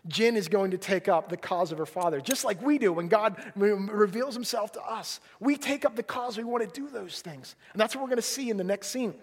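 A male preacher with a high, bright voice and an animated delivery. He acts out the scripture stories as he goes and drops to a hush whenever he voices God. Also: a little fast, few pauses, husky. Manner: animated, drops to a hushed whisper when voicing God. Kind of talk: sermon.

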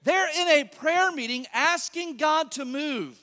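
A man preaching an animated sermon as pastor, joking and asking the congregation questions. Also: very high-pitched, unhurried. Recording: long reverb of a large hall.

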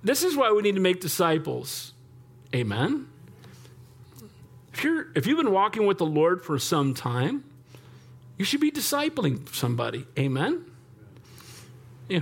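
High-voiced animated preacher man. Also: moderate pace, long pauses. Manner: animated, conversational, asks amen often. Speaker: pastor. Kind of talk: sermon.

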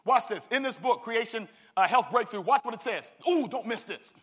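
A man pastor preaching an animated sermon with call-and-response. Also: very high-pitched, moderate pace, husky.

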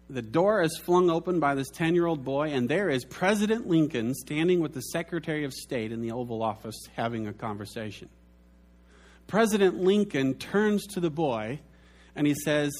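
A man preaching a sermon, telling anecdotes and acting out the voices in his stories. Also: a little high. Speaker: pastor.

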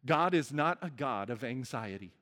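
A man's voice: medium pitch, expressive, moderate pace, in a large hall. A male pastor delivering an earnest sermon and leading a prayer. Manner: earnest preaching, soft prayerful close.

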